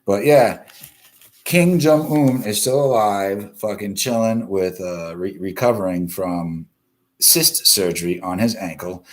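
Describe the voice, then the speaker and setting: A man hosting a live-stream news show, ranting bluntly and profanely while greeting viewers from the comments. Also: on the low side. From East Coast of the US. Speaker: livestream news show host.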